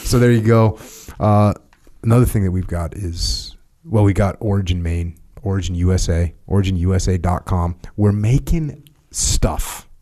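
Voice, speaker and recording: A man with a low, dark, mellow voice in a casual podcast chat. He talks emphatically and repeats phrases to drive a point home, mixing jokes into his sponsor reads. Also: normal speed. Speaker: podcast host.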